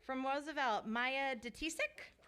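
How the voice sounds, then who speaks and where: A woman reads out names one by one at a school board ceremony, her voice sitting a little high. She is friendly and careful with pronunciation, checking whether she got each name right. Faint noise lies behind her. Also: unhurried, a bit bright. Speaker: announcer calling student award winners. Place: school board meeting room.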